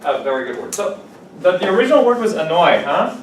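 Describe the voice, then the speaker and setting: Distant teacher explaining words in an echoey classroom. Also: male voice, high-pitched, sing-song, fairly quick, a little hiss or hum. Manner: explains words with examples, asks students questions. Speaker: English teacher. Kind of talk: classroom vocabulary lesson. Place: classroom with students.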